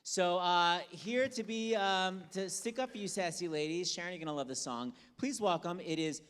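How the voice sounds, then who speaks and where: A man's voice: high voice, normal speed, fairly bright tone, smooth. A man hosting a live concert on stage, upbeat and teasing as he introduces the performers. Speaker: concert host. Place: large theater stage. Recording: long hall reverb with a crowd.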